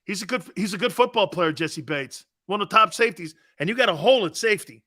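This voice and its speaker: Male sports radio host, high and bright-toned, brash and argumentative, slangy banter. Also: animated, quick pace. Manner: brash and emphatic, slangy with frequent "man" and "dude"; argumentative, laughing off callers' views.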